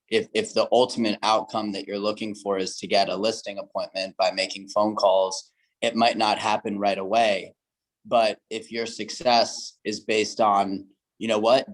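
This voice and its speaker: Male participant sharing a reflection in a low, steady monotone. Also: rough recording. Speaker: participant on a coaching call. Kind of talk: sharing thoughts on a group call.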